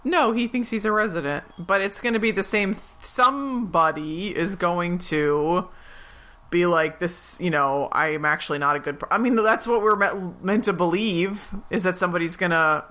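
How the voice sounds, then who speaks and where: A woman co-hosting a podcast, talking casually, arguing her points with wry, deadpan jokes. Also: lowish voice, normal speed. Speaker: podcast co-host. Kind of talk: casual chat.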